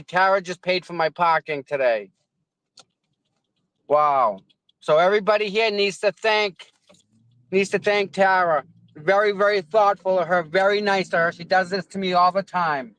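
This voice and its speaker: A man's voice: sits high, moderate pace, fairly bright tone, dry recording, poor audio. A man live-streaming casually from his car in traffic, rambling, repeating words and thanking viewers effusively. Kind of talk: casual live-stream chat while driving.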